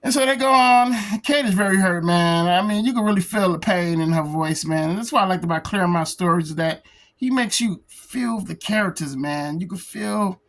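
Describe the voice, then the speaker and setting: A woman's voice: on the low side, moderate pace. A woman reviewing a comic book on video, giving laughing, slangy commentary with repeated asides.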